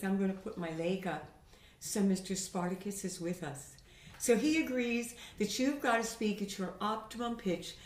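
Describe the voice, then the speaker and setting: A middle-aged woman voice teacher recovering from a sinus infection, chatting and demonstrating pitch with her own voice in a home video lesson. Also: normal speed. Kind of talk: instructional video talk. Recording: roomy home recording.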